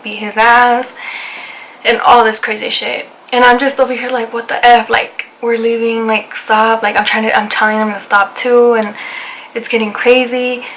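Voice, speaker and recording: A young woman in her twenties telling a story in a casual vlog, animated, swearing often and reenacting what everyone said. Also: on the high side, slight background noise, poor audio. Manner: animated retelling, swearing, lots of "I was like". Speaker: vlogger.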